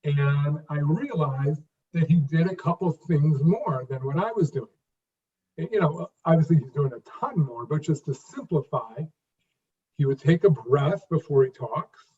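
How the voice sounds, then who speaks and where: Brief: fifties man, interview guest, slightly high voice, halting restarts, distant dull recording. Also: dark tone. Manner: halting restarts, repeats words, then emphatic phrases. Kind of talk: conversational interview.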